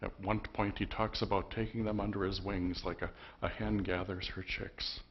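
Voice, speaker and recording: A man's voice: deep voice, little pitch movement, moderate pace, highs cut off. A man preaching a sermon as pastor, telling the story conversationally with emphatic bursts. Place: church.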